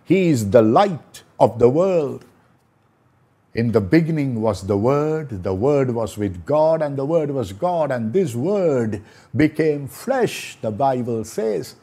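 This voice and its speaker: A man preaching a slow, prayerful sermon, repeating phrases for emphasis. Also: mid-range voice, animated, dark tone, husky. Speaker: pastor.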